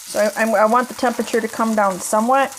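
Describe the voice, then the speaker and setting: A woman's voice: a little high, steady tone, fast, a little hiss or hum. A woman vlogger chatting casually to her phone camera while cooking in her home kitchen, folksy and easygoing.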